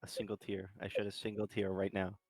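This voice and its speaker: A man's voice: lowish voice, monotone, a little fast, darkish tone, husky, no room sound. A man playing a tabletop game over voice chat, joking and playful in casual banter. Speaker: player. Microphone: voice chat mic.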